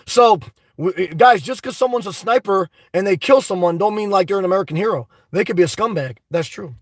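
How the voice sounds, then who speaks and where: A man hosting a live stream, reading viewer chat and ranting excitedly with lots of cursing and rambling fillers. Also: high-pitched, brisk, dry recording, rough recording.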